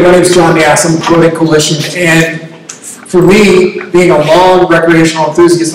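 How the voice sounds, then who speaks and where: A man's voice: sits high, a little hiss or hum. A man, a community advocate, making an earnest, argumentative public comment at a meeting. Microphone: distant room mic. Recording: very echoey room from far off.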